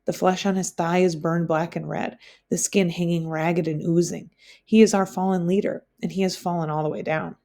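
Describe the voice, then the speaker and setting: A woman teacher reading a novel aloud for her class, in a plain, steady way with occasional slips. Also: on the low side, gravelly.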